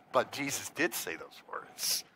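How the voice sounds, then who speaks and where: Preaching slowly in a lowish voice that swings widely in pitch, this pastor sounds bright, forceful and slightly rough. Earnestly addressing his congregation, he often asks them questions outright, while the sanctuary adds long reverb to the recording.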